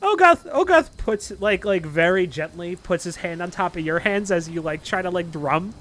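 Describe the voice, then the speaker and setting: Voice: mid-range voice, steady tone, moderate pace, crowd noise. A game master narrating a tabletop game, who laughs often and stumbles over words.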